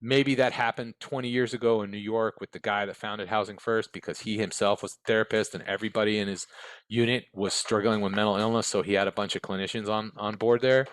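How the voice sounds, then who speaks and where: A man's voice: on the low side, no echo. An American man, a former case manager, answering interview questions bluntly and candidly, often tagging on "right?" and "okay?". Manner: blunt and direct, with frequent tag questions. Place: interview room.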